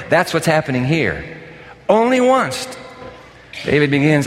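Give me an older male pastor preaching in a church, his voice sitting fairly high and carrying a long hall reverb, talking in a lively, emphatic way. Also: a little fast. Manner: animated, conversational, emphatic. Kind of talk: sermon. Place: church sanctuary.

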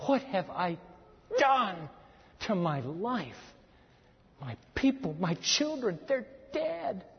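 A male preacher voicing a broken, repentant king in a pit, pleading in a choked, soft voice. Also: sits high, big pitch swings, slow, vocal fry, full character voice. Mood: anguished. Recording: lo-fi sound in a long-reverb hall.

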